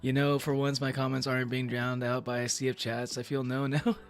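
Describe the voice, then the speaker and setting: A man's voice: medium pitch, flat delivery, fairly quick, soft background music. A young man streaming, chatting casually to his viewers in a rambling way, with many fillers and restarts and frequent laughs. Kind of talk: casual livestream chat.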